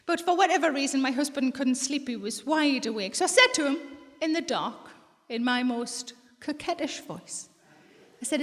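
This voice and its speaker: High-voiced woman comic in a big hall. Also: normal speed. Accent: North East English. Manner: bawdy deadpan storytelling, acts out quoted voices. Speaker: stand-up comedian. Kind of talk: stand-up comedy set. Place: large theatre with live audience. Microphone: stage microphone. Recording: reverberant hall, loud audience laughter.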